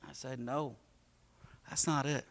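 A man preaching a sermon, moving between quiet storytelling and loud, impassioned preaching. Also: medium pitch, fairly even intonation, a little slow, creaky. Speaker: pastor.

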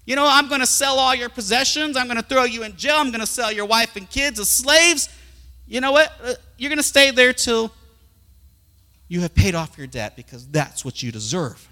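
A preacher putting on a loud stern king. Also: mid-range voice, expressive, moderate pace, few pauses, lightly acted. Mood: demanding. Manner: loud, commanding, threatening. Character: stern demanding king collecting a huge debt. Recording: long hall reverb.

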